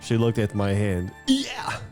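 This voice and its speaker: A man reads the narration of a visual novel aloud, breaking in with jokes. His mid-pitched voice swings widely and stays animated. Quiet game music sits underneath. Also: brisk. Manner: reads narration with joking asides and laughs. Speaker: let's-play gamer reading narration aloud.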